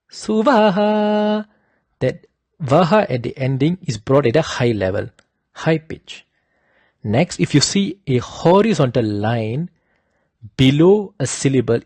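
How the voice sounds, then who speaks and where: Guy teaching vedic chant pitches, slow and calm, mellow voice, dry sound. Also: husky, dry recording. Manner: slow, patient explanation, chanted examples drawn out and higher. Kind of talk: explaining Vedic pitch accents with sung examples.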